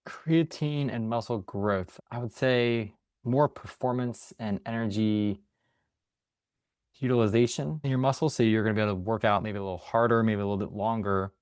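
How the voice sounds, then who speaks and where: A man's voice: lowish voice, fairly even intonation, moderate pace, darkish tone, smooth, no room sound, studio quality. A man co-hosting a podcast in casual chat, answering in a hesitant, hedging, laid-back way. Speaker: podcast co-host.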